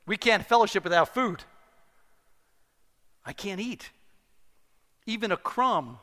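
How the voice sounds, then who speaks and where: A middle-aged man preaches from the pulpit, recounting something from his own life with animated humor at his own expense. His voice runs on the high side, and long hall reverb fills the recording.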